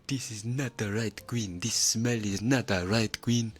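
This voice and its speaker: A man voicing a small meme creature that slowly chants and hunts for its queen, in a mock-solemn tone. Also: lowish voice.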